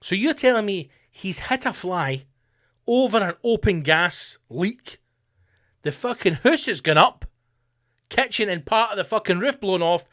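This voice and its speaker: A man's voice: high-pitched, a bit bright. A man hosting a podcast, delivering a profane, mocking comedic rant. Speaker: podcast host.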